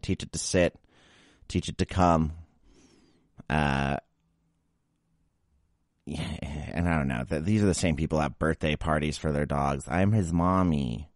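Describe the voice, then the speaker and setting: Young adult male podcast host, very low voice, dry close sound, irritated ranting delivery. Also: gravelly, no room sound. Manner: grumbling, exasperated, mocks baby talk. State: a bit sick after drinking. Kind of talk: casual solo rant.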